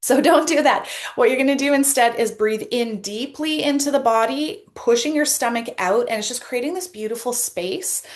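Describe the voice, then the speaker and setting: Calm woman coaching a breathing exercise. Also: on the high side. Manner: calm, encouraging, deliberate. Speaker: personal development coach. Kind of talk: guided self-care session with breathing exercise. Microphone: laptop camera mic.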